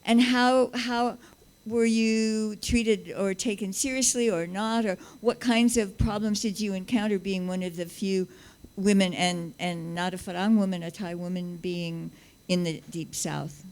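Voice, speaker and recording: A woman with a mid-pitched voice asks the panel a question from the audience. She speaks in a friendly, slightly hesitant way. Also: fairly even intonation, unhurried, darkish tone. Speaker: audience member asking a question. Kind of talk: question from the floor.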